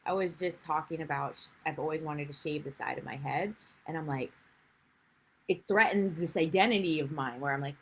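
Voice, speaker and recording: A woman's voice: low voice, steady tone, normal speed, a bit bright, rough recording. A woman life coach giving a chatty, rambling livestream talk and greeting viewers as she goes. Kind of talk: live-streamed coaching talk.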